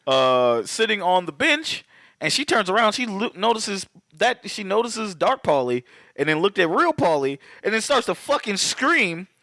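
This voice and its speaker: A man's voice: high-pitched, sing-song, normal speed, gravelly, bright, forceful tone, dry recording, studio quality. A man co-hosting a podcast, casually and profanely retelling a movie plot and acting out quotes as he goes. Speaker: podcast co-host. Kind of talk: casual movie recap chat.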